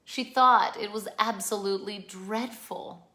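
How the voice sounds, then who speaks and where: Slow, expressive woman reading aloud. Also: medium pitch. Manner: expressive, chatty asides to viewers. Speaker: children's book reader, channel host. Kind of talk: read-aloud storytelling. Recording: echoey room.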